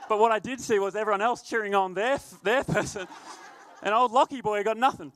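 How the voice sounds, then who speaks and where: A man's voice: high voice, fairly quick, a bit bright, a little hiss or hum. A young man, a youth leader telling a chatty, laughing story before a sermon. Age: young adult. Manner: laid-back, laughing often, chatty filler words.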